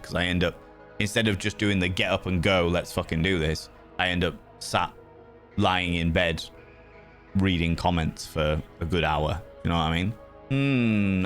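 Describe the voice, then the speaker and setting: A man hosting a livestream, chatting to viewers in a playful, effusive way, with sudden jumps in pitch and some swearing. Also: a bit bright. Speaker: livestream host. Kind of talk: casual chat reading viewer messages. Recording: faint music behind.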